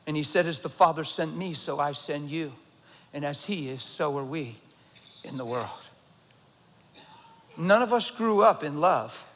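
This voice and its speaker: A middle-aged man preaching a sermon, swinging between loud emphasis and a low, intense near-whisper. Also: a little slow, long pauses. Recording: long hall reverb.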